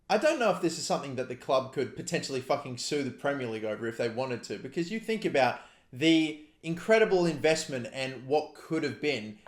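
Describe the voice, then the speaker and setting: A young Australian man with an Australian accent, ranting furiously with heavy swearing. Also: medium pitch. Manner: furious, profane, heated ranting. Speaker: football fan vlogger. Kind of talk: angry rant to camera. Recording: roomy echo.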